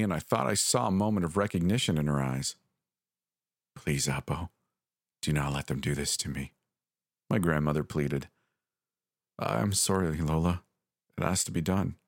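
A man with a very deep voice narrates a scripted horror story. He speaks in a measured, deliberate way, and the recording is dry and close. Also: dry recording. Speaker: podcast narrator.

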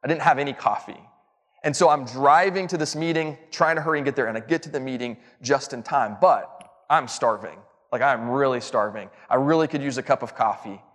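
Giving a church lesson in a big auditorium, this Southern US man has a mid-range, fairly quick, fairly bright voice. He tells stories in a chatty, self-deprecating manner that climbs to emphatic points, and the large hall adds long reverb.

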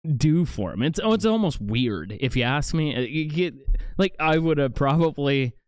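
A man chatting on a podcast in a lively, rambling way, his voice smooth and resonant. He stumbles and restarts often. The sound is close and dry, with no room echo. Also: fairly high pitch, moderate pace. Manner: animated, stumbling restarts and many "like"s. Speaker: podcast host. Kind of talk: casual podcast chat.

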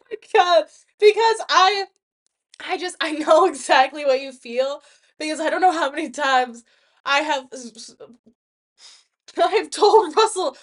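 A woman's voice: high voice, measured pace, long pauses. A young woman co-hosting a podcast in casual chat, giggly and joking, chiming in with quips. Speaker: podcast co-host.

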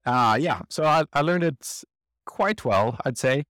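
Male guest, bright tone, animated storyteller, dry close mic. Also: mid-range voice, unhurried, no room sound. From Sweden. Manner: animated, acts out quoted voices. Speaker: interview guest. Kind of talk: conversational storytelling.

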